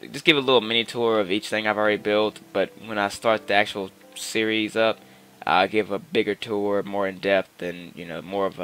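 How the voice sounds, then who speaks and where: Speaking into his own mic, this man has a fairly low, somewhat bright voice. He hosts a gaming channel and offers loose, rambling commentary on his play, full of fillers and false starts.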